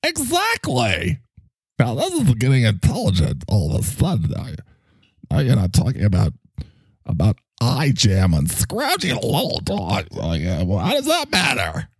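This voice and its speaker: A man's voice: medium pitch, huge pitch swings, normal speed, gravelly, slightly rough, dry recording, heavily acted. A man voicing a talking microphone, a dramatic and self-pitying co-host who lectures him. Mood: lecturing.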